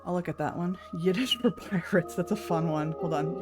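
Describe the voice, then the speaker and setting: A woman's voice: fairly low pitch, moderate pace, hardly any pauses, music in the background. A woman streamer in casual chat with her viewers, talking loosely, laughing often and reading chat messages aloud. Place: home room.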